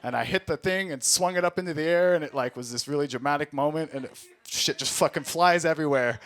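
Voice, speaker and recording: A man's voice: a little high, a little fast, fairly bright tone. A man, an Army veteran, telling rambling, profane war stories in a casual comedy set and laughing at himself as he goes. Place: small recording studio space.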